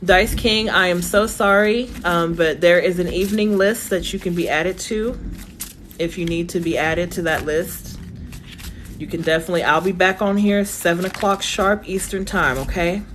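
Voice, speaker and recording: A woman giving a live-stream tarot reading from her phone, chatty and reassuring, thinking aloud with lots of fillers, her voice going hoarse. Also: fairly low pitch, normal speed, a bit bright, slight background noise. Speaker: tarot reader.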